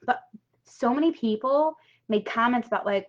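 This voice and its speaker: A woman leads a live online workshop in a chatty, emphatic way, dropping casual swears and checking in with "right?" all the time. Her voice sits a little high, and the stream audio sounds dull and lo-fi. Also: normal speed. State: tearful at times. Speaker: money coach hosting a live workshop.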